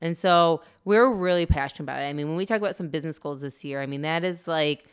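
A woman co-hosting a podcast, chatting casually and earnestly and laughing easily. Her voice sits a little low and sounds smooth and clear. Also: quick pace. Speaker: podcast co-host. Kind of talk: casual chat.

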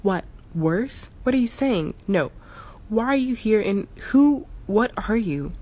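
A woman's voice: medium pitch, expressive, unhurried, warm tone. A woman voicing a wary, protective male house cat who asks anxious, stubborn questions in an audiobook story. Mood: alarmed.

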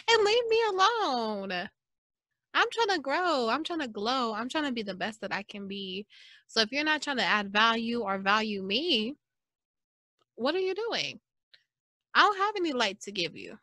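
A bright, fairly high-voiced woman with hosts her own podcast in a loose, chatty monologue. She talks expressively and slips into mock-preaching asides. The sound is dry and close, with no room echo. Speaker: podcast host. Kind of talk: casual solo podcast monologue.

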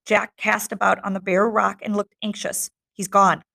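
A woman's voice: mid-range voice, level tone, moderate pace, creaky, a bit bright. Young woman teacher reading a novel aloud to class, chatty and casual, keeps asking "okay?". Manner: casual, checks in with listeners often.

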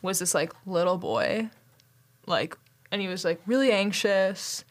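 A woman in casual banter, telling a story that wanders. She fills it with constant filler words and mid-pitched, everyday talk. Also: measured pace. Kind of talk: casual comedic chat.

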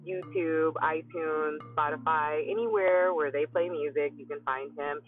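Solo woman podcast host, chatty and reflective, acts out her own inner voice; narrow phone-line audio with faint music under it. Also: on the low side. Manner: musing, acts out her own thoughts in quotes, many hums. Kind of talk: casual solo monologue.

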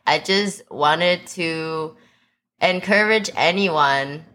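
A woman's voice: deep voice, drawn-out words, a bit bright. A woman co-hosting a podcast in a casual chat, candid and swearing freely. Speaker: podcast co-host.

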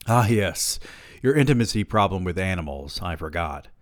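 A man's voice: sits low, animated, normal speed, dry recording, studio quality. A man voicing a cocky, druggy adult male friend who wisecracks in a smug tone. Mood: sardonic.

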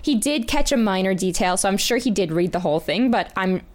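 A woman with a very lively, swooping voice tells a story in a casual chat. She acts out the other people in it and keeps the telling animated. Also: medium pitch, a little fast. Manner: animated storyteller, acts out quotes, laughs often.

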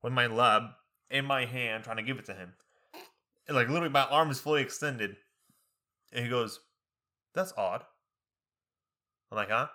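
A man's voice: mid-range voice, moderate pace, long pauses. A young adult man telling a story in casual podcast chat, acting out the people he quotes. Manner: animated, acts out the people he quotes. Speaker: podcast co-host.

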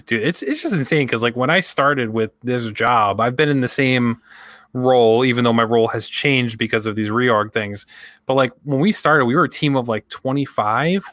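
Co-hosting a casual podcast, a young man wanders through anecdotes about his job and voices what his coworkers said. He speaks in a mid-range voice at normal speed with a slightly bright tone, and the recording is dry and studio quality.

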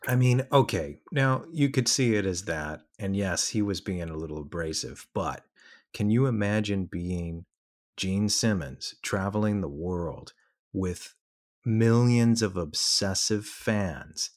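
A man's voice: sits low, animated, slow pace. A man hosting a podcast, talking in casual chat with a reflective, reassuring manner. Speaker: podcast host.

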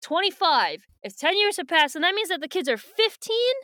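A woman's voice: very high voice, very animated, moderate pace, sharp tone, dry recording, studio quality. A woman co-hosting a podcast in casual book-club chat, talking with lots of fillers and offhand swearing. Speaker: podcast co-host.

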